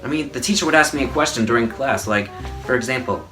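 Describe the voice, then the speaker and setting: A man's voice: medium pitch, fast. Young man telling comic stories. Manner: animated, exaggerated storytelling. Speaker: vlogger. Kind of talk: comic storytelling. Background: guitar music.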